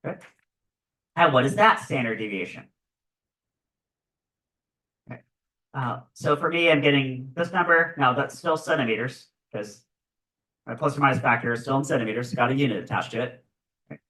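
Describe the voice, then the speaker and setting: A male physics teacher giving a classroom lecture, animated and constantly checking in with "right?". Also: medium pitch, normal speed, pauses often, far from the mic, rough recording. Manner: animated, keeps asking "right?".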